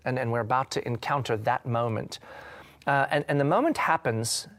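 A man giving a reflective faith talk, earnest and searching, sometimes dropping to a hushed voice. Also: mid-range voice, moderate pace. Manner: earnest, searching, many fillers and restarts, drops to a hushed voice at times. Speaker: speaker sharing a devotional reading.

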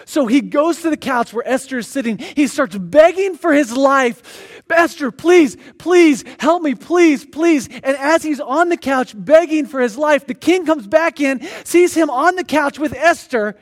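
A man preaching a sermon, animatedly retelling a scripture story and reading passages aloud in a slower, quieter voice. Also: very high voice. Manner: animated storyteller who acts out the characters.

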